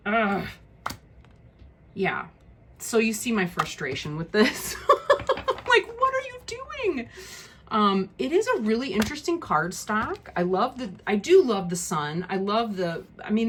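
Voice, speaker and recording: A woman's voice: medium pitch, lively intonation, moderate pace, a little hiss or hum. A woman talking casually through a tarot deck walkthrough, frank and easily exasperated, with many ums and restarts. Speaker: tarot video creator.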